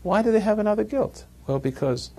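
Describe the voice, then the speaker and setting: A man's voice: high voice, animated, brisk, darkish tone. A man giving a rambling talk to a live audience, chuckling at his own jokes as he tells stories. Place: evening gathering with an audience.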